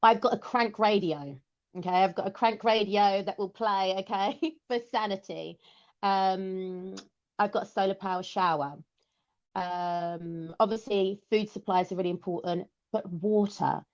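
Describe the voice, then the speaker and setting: A chatty woman with an English accent talks casually on a podcast, explaining step by step and filling pauses with "okay" and "um." Her voice sits at a middling pitch, and the recording sounds a little dull and lo-fi. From England. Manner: chatty, explains with lots of okays and ums. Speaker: guest.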